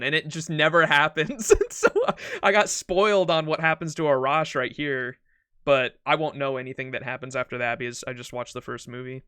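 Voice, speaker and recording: A man's voice: medium pitch, fairly even intonation, normal speed, pushed and bright, smooth, no room sound, clean studio sound. A young man casually chatting as a streamer during a live game playthrough, upbeat and laughing easily.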